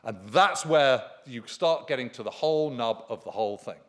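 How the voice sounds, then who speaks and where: A man's voice: medium pitch, lively intonation, moderate pace, a bit bright. A man giving a history lecture at a conference, speaking emphatically and enthusiastically with frequent fillers. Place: conference hall.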